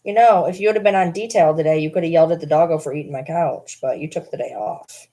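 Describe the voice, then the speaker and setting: Low-voiced woman chatting to her dogs. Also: fast, mellow. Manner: chatty, teasing baby talk to pets. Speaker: vlogger. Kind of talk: casual chat with her dogs.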